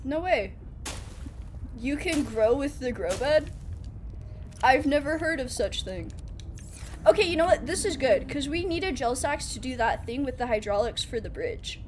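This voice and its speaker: A woman's voice: high-pitched, expressive, unhurried, slight background noise. A woman streaming a game, chatting in a giggly, playful way as she plays. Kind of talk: casual gaming commentary.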